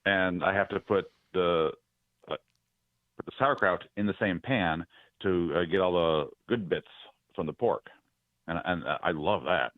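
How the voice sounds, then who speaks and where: An American man calling in to a podcast, chatting casually and pausing with hesitations. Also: sits low, dry recording, phone-quality sound. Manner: relaxed storytelling with hesitations. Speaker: caller. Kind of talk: casual call-in chat.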